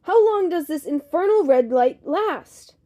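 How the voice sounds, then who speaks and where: A woman reading as a bossy, loud-voiced aunt. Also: high-pitched, expressive, measured pace, pitched above the performer's own voice. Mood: exasperated.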